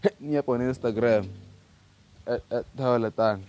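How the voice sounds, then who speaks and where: A man's voice: medium pitch, moderate pace, darkish tone, a little hiss or hum. A teenage man from Africa, telling a loose, slangy story on his own podcast, full of restarts and repeated words. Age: teens. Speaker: podcast host.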